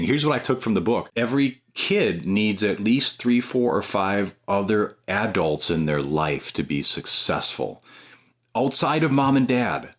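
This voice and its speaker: A man, a guest on a podcast who is a stay-at-home dad and former teacher, telling personal stories in an earnest, animated way with frequent restarts. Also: low-pitched. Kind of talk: personal storytelling in an interview.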